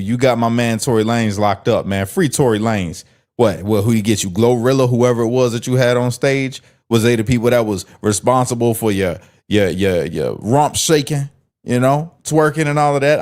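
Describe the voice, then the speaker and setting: A streamer reacts to a clip with casual commentary, mocking it in blunt, profane street slang and interrupting whenever it annoys him. His mid-range male voice is a little mellow, and his delivery stays loose and conversational.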